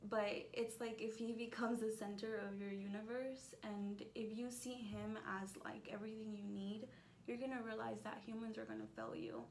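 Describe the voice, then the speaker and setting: A woman's voice: fairly high pitch, moderate pace, a little mellow. A woman in her twenties, a podcast guest talking earnestly and a bit rambling, laughing often. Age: 20s. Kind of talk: casual conversation. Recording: echoey room with faint background noise.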